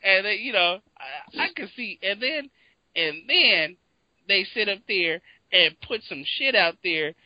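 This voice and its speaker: A man from Seattle chats casually with a high voice that leaps wildly up and down. He is profane and animated and acts out his own reactions. The recording is dull, lo-fi and dry. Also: measured pace, no room sound. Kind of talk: casual chat.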